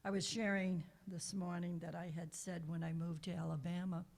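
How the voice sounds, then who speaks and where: An older woman, a guest minister, telling a personal story in a conversational sermon, with soft asides and frequent restarts. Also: lowish voice, level tone, moderate pace. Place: church.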